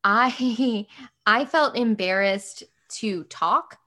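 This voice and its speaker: A young American woman hosting a podcast, telling stories in an animated way with frequent laughs. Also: a little high, very slow. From United States. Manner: animated storyteller, laughs often, acts out quotes. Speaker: podcast host. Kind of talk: casual interview chat.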